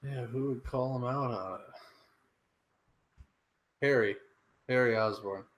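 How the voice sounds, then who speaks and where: A young man co-hosting a podcast, relaxed and easygoing in casual chat, laughing often while he answers quiz questions. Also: medium pitch, slow pace. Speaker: podcast co-host.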